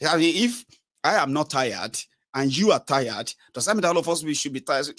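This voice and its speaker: A man's voice: sing-song, fairly quick, fairly bright tone. A Nigerian man hosting a political talk show, speaking in English and Pidgin and mimicking other people's voices as he talks. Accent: Nigerian English with Pidgin and Yoruba. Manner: mimics callers in high voices, switches between English, Pidgin and Yoruba. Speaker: political commentator, channel host. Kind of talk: animated political monologue.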